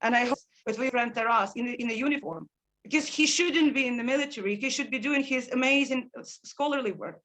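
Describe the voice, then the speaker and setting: A woman's voice: a little high, a little fast, fairly bright tone, low-quality recording. A woman speaking as an impassioned panelist in a discussion, often restarting her sentences. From Ukraine.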